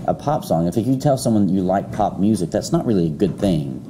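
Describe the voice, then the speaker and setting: Young male teacher, low mellow voice, rambling lecture style, faint hiss in the classroom. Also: lively intonation, fairly quick. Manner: rambling, many fillers and restarts.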